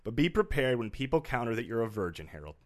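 A man's voice: medium pitch, big pitch swings, fast, a little hiss or hum. A man co-hosting a casual comedy podcast, reading out mock rules with wry jokes. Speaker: podcast co-host.

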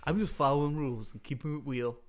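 Casual: guy doing a cocky gross wrestling ref, kinda high voice, bragging. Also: fairly even intonation, fast talker, close to an everyday voice. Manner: cocky, crude, bursts into loud sung cries. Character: brash boastful male wrestling referee, impression. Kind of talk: comedy podcast improv bit.

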